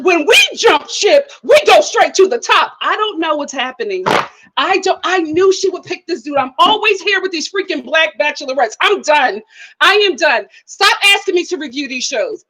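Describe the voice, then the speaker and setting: A woman hosting her own live-stream reaction show, talking in a blunt, animated, exclaiming way and reading out viewer comments. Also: high voice, moderate pace, rough recording. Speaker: YouTube host.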